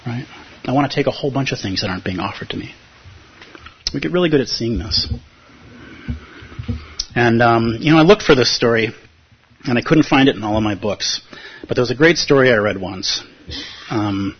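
A man's voice: mid-range voice, slightly rough, muffled recording. A man giving a conversational, playful Zen dharma talk to a live audience in a meditation hall. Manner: conversational, playful, acts out inner voices. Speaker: Zen teacher.

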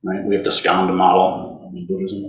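A man teaching a dharma talk in a conversational, gentle way, turning tender as he speaks to inner suffering. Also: low voice, completely flat delivery, normal speed. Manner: gentle, conversational, tender when voicing compassion. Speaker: Zen teacher. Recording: roomy hall recording.

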